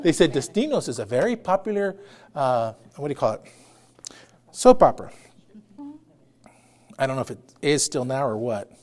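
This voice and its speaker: A man's voice: medium pitch, animated, moderate pace, pauses often, a little mellow. A man pastor preaching a sermon in a church service, emphatic, with repeated phrases and call-and-response.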